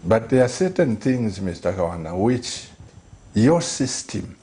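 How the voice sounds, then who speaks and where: A middle-aged man speaks as a pastor, telling his story in earnest with a low, mellow voice. He pleads and repeats phrases to drive them home. A faint hiss of noise sits under the recording. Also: very animated, measured pace. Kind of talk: earnest storytelling on a talk show.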